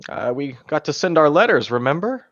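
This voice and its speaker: Lively-voiced man playing a fantasy character. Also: on the high side, fairly quick, no echo, muffled recording, faint music behind. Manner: eager, stumbling. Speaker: player. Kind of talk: in-character tabletop play.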